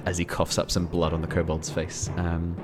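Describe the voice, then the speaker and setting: Give me a relaxed man with a low voice narrating as game master, with music underneath. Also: normal speed. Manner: relaxed, chatty, laughs often.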